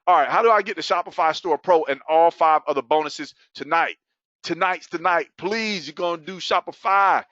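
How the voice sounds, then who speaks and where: A man hosting a webinar and giving an excited sales pitch, whooping and laughing between offers. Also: normal speed, no room sound. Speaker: webinar host. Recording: dull lo-fi dry sound.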